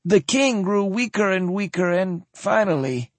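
Guy doing a sad old earl in an audiobook, high thin voice, dry close sound. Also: animated, unhurried, no echo, full character voice. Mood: measured. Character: frail old male earl, sad and formal.

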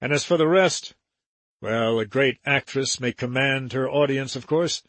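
A man narrating an adventure novel in a measured, steady way. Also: mid-range voice, no room sound. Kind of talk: audiobook narration.

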